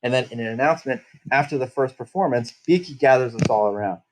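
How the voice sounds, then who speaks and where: A man's voice: mid-range voice, fast, poor audio. A man playing a tabletop game, telling his character's backstory in first person, bitter and full of swearing. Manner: profane, bitter, rambling storytelling.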